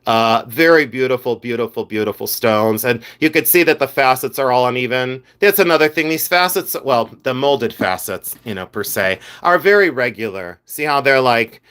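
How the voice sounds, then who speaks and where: A man's voice: medium pitch, expressive, normal speed, few pauses, a bit bright, clean tone. A middle-aged man hosting a casual jewelry livestream, blunt and a bit exasperated, with lots of "uh" fillers.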